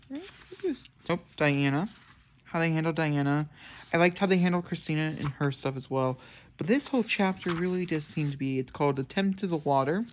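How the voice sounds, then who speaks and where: A young man chatting casually to camera about a book he is reading, excitable and rambling, with sudden jumps up into high squeals. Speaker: book reviewer. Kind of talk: casual book vlog chat.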